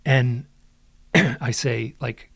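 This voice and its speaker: A man's voice: medium pitch, very slow, gravelly, a bit bright, no room sound. A man who is a podcast guest and author, retelling an experience with dramatic quoted dialogue and frequent restarts. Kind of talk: animated storytelling in conversation.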